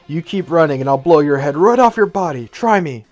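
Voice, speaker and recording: A man's voice: mid-range voice, moderate pace, soft background music, lightly acted. A man doing a cold, ruthless woman commander. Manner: cold, curt, threatening.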